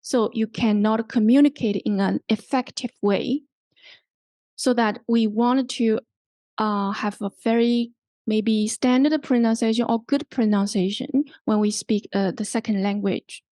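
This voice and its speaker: A woman's voice: fairly high pitch, steady tone, dark tone, no echo. A woman with a Hong Kong accent teaching an online English pronunciation workshop, explaining step by step and often checking in with "okay?". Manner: explains slowly, repeats and rephrases, checks with "okay?". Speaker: workshop instructor.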